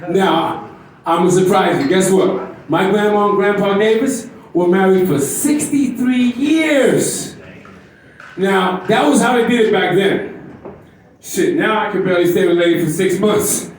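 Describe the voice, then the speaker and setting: A man's voice: sits high, unhurried, heavy reverb, distant mic, low-quality recording. A man in his fifties doing a brash, profane stand-up comedy set on a club stage, teasing the crowd. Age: 50s.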